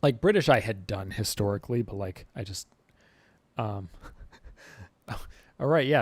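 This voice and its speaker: In a studio-quality, dry recording, a man with a medium-pitched voice talks at normal speed but pauses often. He's a channel host livestreaming casually to chat, rambling, filling gaps, restarting, and chuckling a lot.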